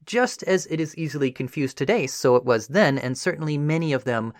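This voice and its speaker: A man's voice: fairly high pitch, brisk, dry recording, clean studio sound. A man hosting a history podcast, narrating a script in a conversational way with frequent asides. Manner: conversational, animated, with frequent "you know" asides. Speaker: podcast host.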